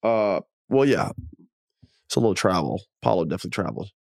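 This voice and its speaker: A man, a former professional basketball player, co-hosting a casual sports podcast, talking in an animated, emphatic way with slang and casual swearing. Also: low-pitched, fast, gravelly, dry recording, studio quality.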